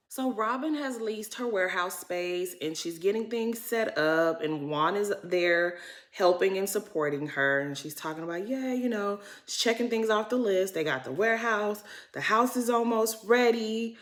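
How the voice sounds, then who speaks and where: A woman's voice: medium pitch, animated, normal speed, a bit bright. Woman vlogger, casual recap, sassy and exasperated, talks back at the cast. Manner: sassy, exasperated, talks straight at the people on the show; chatty, loose grammar with lots of "y'all". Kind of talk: casual episode recap and commentary.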